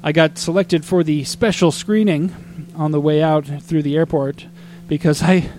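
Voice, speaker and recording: Chatty man with a higher voice. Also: moderate pace, a little hiss or hum. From Arizona. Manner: animated, exasperated storytelling with acted-out quotes. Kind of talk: casual storytelling chat.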